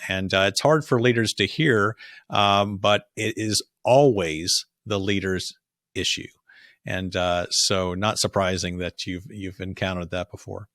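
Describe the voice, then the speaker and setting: Podcast host guy, low voice, dry close mic, thoughtful and agreeable. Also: sharp tone, dry recording. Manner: affirming, thoughtful, some fillers. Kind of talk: casual interview chat.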